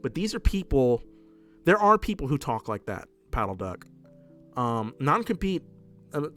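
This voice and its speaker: A man's voice: medium pitch, big pitch swings, measured pace, fairly bright tone, faint music behind. Profane ranting man streamer. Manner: heated, profane, ranting with many restarts. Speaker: political streamer. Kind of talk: livestream commentary, reading chat.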